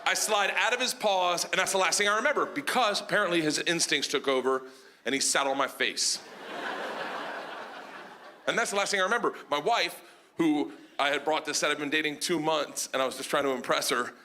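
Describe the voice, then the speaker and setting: High-voiced man telling a loud stand-up story. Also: a little fast, noisy background. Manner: loud, animated storytelling with shouted punchlines. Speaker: stand-up comedian. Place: comedy stage with audience. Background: audience laughter.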